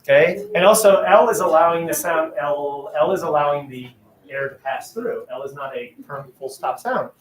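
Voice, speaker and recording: A man's voice: fairly high pitch, moderate pace, crowd noise. A man teaching an English class, sounding out letters aloud and quizzing his students as he goes. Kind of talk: classroom lecture. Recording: roomy classroom echo.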